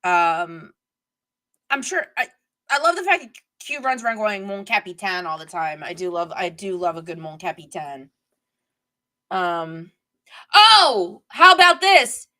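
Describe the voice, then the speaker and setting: A woman's voice: medium pitch, sing-song, a little slow, pauses often, bright, forceful tone. A middle-aged woman hosting a live stream, chatting casually and digressively while reading viewer comments.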